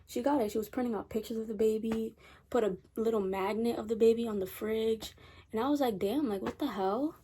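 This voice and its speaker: Husky-voiced teen girl telling a story. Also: fairly high pitch, a little fast, warm tone. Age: teens. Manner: chatty, rambling, repeats herself. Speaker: vlogger. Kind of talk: casual storytime chat. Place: bedroom at night.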